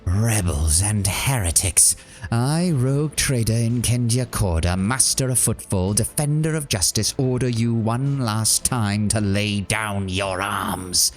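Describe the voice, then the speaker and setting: A man's voice: fairly low pitch, expressive, a little slow, soft background music. A man voicing a ruthless, self-righteous female rogue trader who declaims her orders in a tabletop role-playing game. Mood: imperious. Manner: imperious, declaiming.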